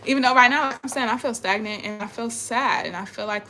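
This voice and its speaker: A young woman talking in a casual, emotional, rambling monologue, swearing often and trailing off quietly. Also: a little high, fast, a little hiss or hum. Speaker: spiritual vlogger.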